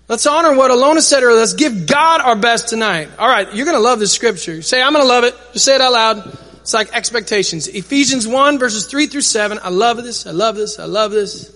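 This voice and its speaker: High bright guy preaching to a crowd, big echoey church hall, lots of call and response. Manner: energetic, calls for crowd responses. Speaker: pastor. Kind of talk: sermon. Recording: long hall reverb.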